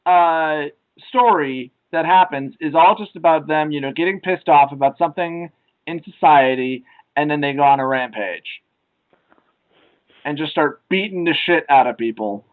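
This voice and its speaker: A young man co-hosts a casual podcast chat with a slightly high-pitched voice. He rambles with plenty of filler sounds and throws in loud acted-out quotes. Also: moderate pace, poor audio. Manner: rambling, many filler "uh"s, acts out comic lines loudly. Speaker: podcast co-host.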